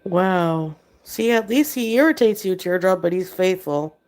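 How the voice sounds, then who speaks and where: A woman with a slightly low voice that sounds sick. She rambles casually through a livestream, drifting between viewers' comments and her pet. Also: lively intonation, unhurried, a little mellow. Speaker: livestreamer reading chat.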